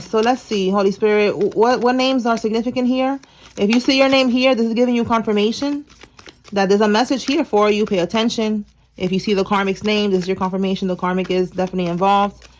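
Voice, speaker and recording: A young woman giving a casual tarot reading, slangy and animated, talking straight to her viewers. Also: medium pitch. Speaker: tarot reader.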